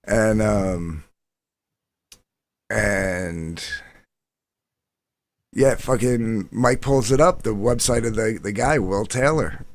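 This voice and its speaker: A man's voice: slow pace, pauses often, no room sound. A man telling a long, rambling story in casual, profane chat, often quoting others. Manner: rambling, profane, quotes others in lowered voices.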